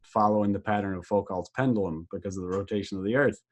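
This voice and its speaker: A man co-hosting a casual chat, relaxed and laughing often as he tells stories. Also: fairly low pitch, fast talker. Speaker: podcast co-host.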